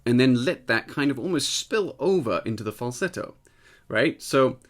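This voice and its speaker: A man giving a casual spoken singing lesson, explaining step by step and checking in with the listener, his voice tired and slightly husky. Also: mid-range voice, animated, normal speed. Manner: explanatory, conversational, often checks in with "right?". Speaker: voice teacher.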